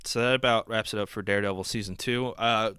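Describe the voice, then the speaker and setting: A podcast co-host chats casually and relaxedly, his talk heavy with fillers. His voice is fairly low, quick, clear and resonant, captured dry in a clean studio.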